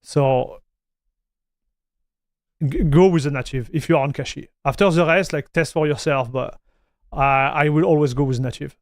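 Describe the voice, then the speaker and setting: A young man from the south of France with a French accent, chatting casually on a live stream. His voice sits high and sounds smooth and clear. It is recorded dry and close, with no room sound, and he calls everyone buddy and dude. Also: moderate pace, pauses often, no echo.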